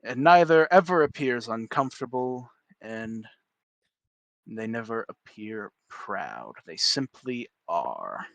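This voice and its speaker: A man's voice: fairly low pitch, big pitch swings, takes it slowly, gravelly, a bit bright, no room sound. A man narrating as game master of a tabletop game, descriptive and laughing often.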